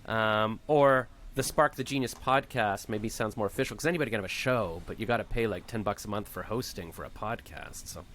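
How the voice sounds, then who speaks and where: A man's voice: lowish voice, brisk, few pauses, a bit bright, a little hiss or hum. Rambling jokey male podcast host. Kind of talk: casual chat.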